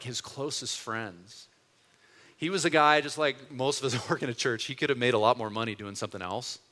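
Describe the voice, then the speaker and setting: Guy preaching, earnest chatty sermon, bright tense voice, big echoey hall. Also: medium pitch. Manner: earnest, conversational, swings between loud and hushed. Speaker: pastor. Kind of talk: storytelling sermon.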